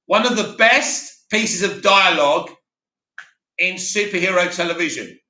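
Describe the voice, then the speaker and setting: A man hosting a live stream, chatting casually and answering viewer comments in an animated way. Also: high-pitched, unhurried, roomy sound. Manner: chatty, animated, mocks a dramatic voice.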